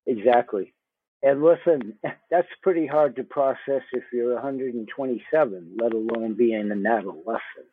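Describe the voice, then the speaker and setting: A man's voice: mid-range voice, moderate pace, husky. A man hosting a casual conversation, talkative, repeating his words and laughing often. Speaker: podcast host. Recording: tinny phone-line sound.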